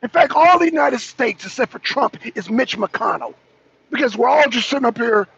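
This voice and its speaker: A man on a political talk show ranting loudly, swearing and repeating himself, sometimes breaking into laughter. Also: very high voice, lively intonation, normal speed, creaky, slightly rough. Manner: loud, profane, repetitive ranting. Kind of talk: heated political rant. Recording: dull lo-fi stream audio.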